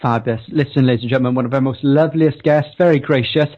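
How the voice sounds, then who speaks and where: A man from Wales with a softened Welsh accent, hosting a radio show and speaking in an effusive way, laughing often. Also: medium pitch, steady tone, quick pace, noisy background. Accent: Welsh softened toward English. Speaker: radio host. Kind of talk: radio interview chat. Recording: tinny phone-like radio sound.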